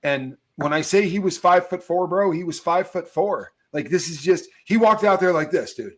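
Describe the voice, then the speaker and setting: A middle-aged man who tells stories with lively energy and laughs through his sentences. His voice sits fairly high for a man, and he talks in loose slang as a show host. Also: normal speed. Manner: animated storyteller, laughs mid-sentence, slangy. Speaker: podcast host. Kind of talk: casual storytelling chat.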